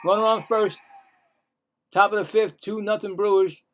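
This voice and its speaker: A middle-aged streamer calls a baseball game live in a relaxed way, wandering off track, fixing his own slips and adding conversational remarks. His voice sits high and fairly bright, with a steady tone at normal speed.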